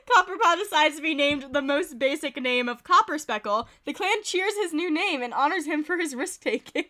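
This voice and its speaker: A woman's voice: sits high, animated, normal speed, hardly any pauses, sharp tone. A woman streamer giving casual, giggly commentary as she reads game events aloud.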